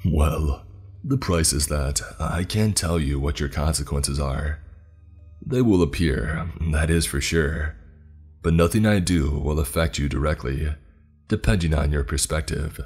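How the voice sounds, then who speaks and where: A man voicing a cold, taunting skeleton, very deep. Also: measured pace, a little mellow, husky, soft background music, heavily acted. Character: ancient menacing male skeleton spirit. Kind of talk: scripted horror story narration.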